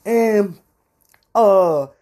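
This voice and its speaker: A young man telling a profane, animated story on his podcast. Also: sits high, drawn-out words. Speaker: podcast host. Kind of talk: casual storytelling.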